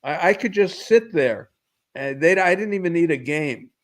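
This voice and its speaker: A man's voice: fairly high pitch, expressive, moderate pace. A man on a sports radio show as a guest baseball analyst, reminiscing about ballparks in a nostalgic, fond way. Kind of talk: casual sports talk.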